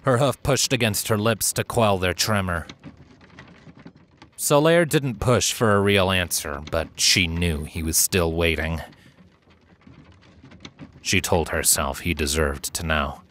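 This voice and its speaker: A man reading a fanfiction story aloud with steady, dramatic narration. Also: sits low, slow, long pauses. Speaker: narrator and reader.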